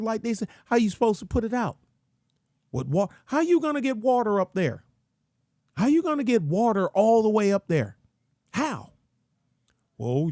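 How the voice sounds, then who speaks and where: A man's voice: sits high, darkish tone, no echo, studio quality. A man hosting his own channel, ranting in a folksy, rambling, slangy way. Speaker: channel host. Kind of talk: casual rant commentary.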